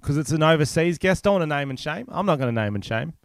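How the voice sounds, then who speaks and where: A man's voice: a little high, animated, fast talker, no room sound, clean studio sound. A young man with a New Zealand accent, co-hosting a podcast and telling crude, rambling stories as a joking storyteller. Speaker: podcast co-host. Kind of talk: crude casual podcast banter.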